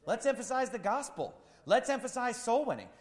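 A male pastor preaching an impassioned sermon, swinging between loud shouts and quiet, low asides. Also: very animated, fairly quick. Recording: long hall reverb.

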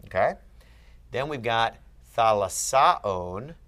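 Low-voiced man tutoring Greek grammar. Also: lively intonation, normal speed. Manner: patient, questioning, emphatic on key points. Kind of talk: one-on-one Greek grammar lesson.

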